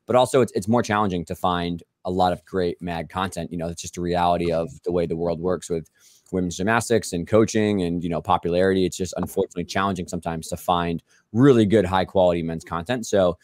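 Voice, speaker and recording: Fast-talking low-voiced American host. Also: male voice, fairly even intonation, darkish tone, dry recording. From United States. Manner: chatty, upbeat, laughs often, many fillers. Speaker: podcast host. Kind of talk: casual podcast interview.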